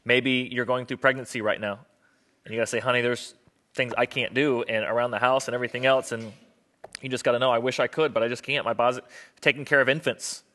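A man's voice: mid-range voice, pushed and bright. A young man preaching a sermon on marriage to a live audience, conversational and self-deprecating, acting out the people he quotes. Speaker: pastor.

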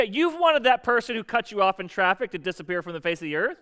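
A man's voice: high-pitched, lively intonation, quick pace, few pauses, a bit bright, smooth. A man preaching a sermon as pastor, talking conversationally and joking, with frequent restarts. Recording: long reverb of a church hall.

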